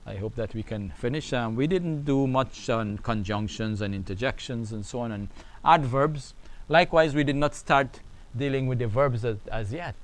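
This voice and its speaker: Guy teaching beginner arabic, goes slow, says each phrase over and over. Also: medium pitch, rough recording. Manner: slow, repetitive, drills phrases aloud. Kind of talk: online language lesson.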